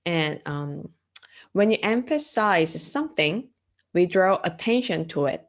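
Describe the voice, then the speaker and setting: A woman's voice: on the low side, expressive, a little slow. A woman teaching an art class, explaining design terms step by step with frequent ums and uhs and questions to the class. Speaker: art instructor. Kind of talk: lecture.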